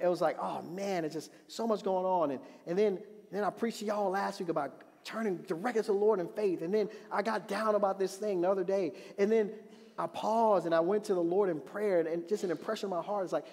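A man preaching a sermon as pastor, animated and building to emphatic repeated refrains. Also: high voice. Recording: long reverb of a hall.

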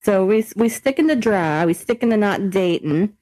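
Young woman podcasting, really bouncy animated pitch, giggly and crude, super dry close sound. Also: moderate pace, no room sound, low-quality recording. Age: young adult. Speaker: co-host. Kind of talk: casual podcast banter.

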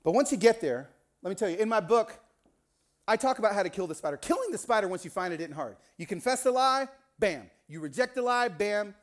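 A middle-aged man preaching with a lively, swinging pitch. His voice jumps up and down as he acts out the people in his story. He is a pastor at the pulpit, animated and expressive. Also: a little fast. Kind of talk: sermon with storytelling.

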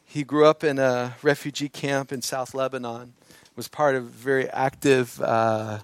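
A man preaching a sermon, moving from quiet storytelling to emphatic, building preaching on scripture. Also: mid-range voice, level tone, normal speed, clear, resonant tone.

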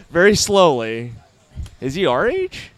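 A man in his thirties hosting a podcast, reacting in a laid-back way with quick curses and his own jokes. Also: a little high. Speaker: podcast host and comedian. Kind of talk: casual chat.

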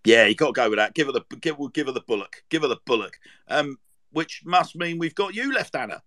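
A man's voice: medium pitch, animated, fast talker, fairly bright tone, dry recording. A man hosting a casual podcast chat, jokey and teasing, with lots of fillers. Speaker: podcast host.

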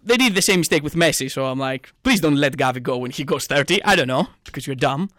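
A man co-hosting a casual podcast chat as a football fan, talking in an excitable, ranting way with loud exasperated outbursts. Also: fairly high pitch, quick pace, dry recording, studio quality.

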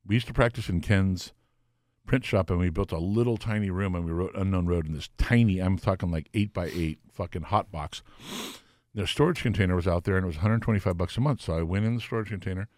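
Guest, 50s man: low, profane, relaxed storyteller, dry recording. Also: quick pace, no echo. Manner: profane, laid-back storyteller. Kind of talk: casual storytelling chat.

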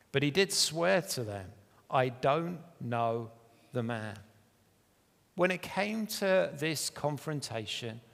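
A man's voice: mid-range voice, creaky, fairly bright tone, big-room sound. A man preaching a sermon, telling the story in an earnest, conversational way with self-deprecating asides.

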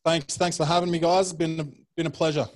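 A man's voice: on the high side, flat delivery, fast talker. A young man, a comedian guest, telling rambling anecdotes and swearing freely in casual chat.

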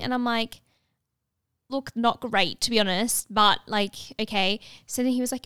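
A young woman telling a story in casual chat, animated and full of fillers, acting out what others said. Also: fairly high pitch, normal speed, clear, resonant tone, dry recording, studio quality. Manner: animated, many filler "like"s, acts out dialogue.

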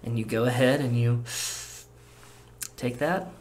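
A man narrating as game master in a relaxed, casual way with many fillers. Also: medium pitch, measured pace, a little hiss or hum.

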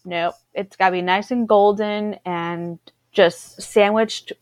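A woman's voice: mid-range voice, fairly even intonation, slow, darkish tone, no echo. A woman co-hosting a casual chat, bubbly and chatty, laughing often. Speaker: podcast co-host.

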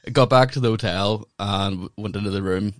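A man with a fairly low voice spins a rambling, profane story on a podcast. His sound is dry and close, coming through a video call with no room around it. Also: fairly quick, dry recording. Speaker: comedian and podcast co-host. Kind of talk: casual podcast chat.

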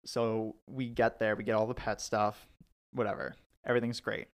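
Young man telling a story, gravelly. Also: on the low side, moderate pace. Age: young adult. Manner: animated storyteller, full of "like". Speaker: podcast co-host. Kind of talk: casual storytelling. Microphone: podcast microphone.

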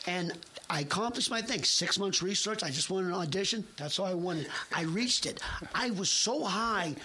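A man's voice: sits high, expressive, moderate pace, bright, forceful tone, a little hiss or hum. A middle-aged man telling a comedic story with lots of swearing, acting out the other people's voices as he goes. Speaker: guest actor telling a story.

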